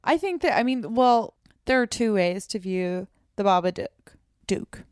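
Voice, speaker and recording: A woman's voice: mid-range voice, expressive, darkish tone, clean tone, no room sound, studio quality. Rambling, laughing woman podcast co-host. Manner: loose, rambling, quick bursts with laughs. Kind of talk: casual chat.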